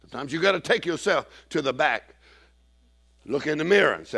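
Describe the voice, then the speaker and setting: A man preaching a sermon to a church congregation, emphatic, swinging from shouted declarations to low asides. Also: animated, brisk, vocal fry, slightly rough.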